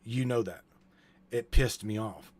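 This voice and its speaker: A man hosting a live broadcast, talking casually in halting bursts with many restarts, and getting worked up. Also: medium pitch. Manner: halting, stammers and restarts, grows excitable. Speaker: host.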